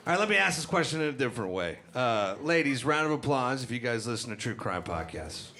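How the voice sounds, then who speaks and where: Dark-humored stand-up comedian, man. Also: medium pitch, brisk, heavy background noise. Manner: dark, deadpan crowd work with acted-out voices. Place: comedy club stage before a live audience. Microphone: handheld stage mic. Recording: live club recording, loud crowd laughter.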